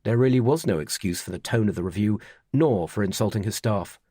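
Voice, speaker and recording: A man reading a first-person thriller audiobook in an even, measured way. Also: lowish voice, husky, no echo, clean studio sound. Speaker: audiobook narrator.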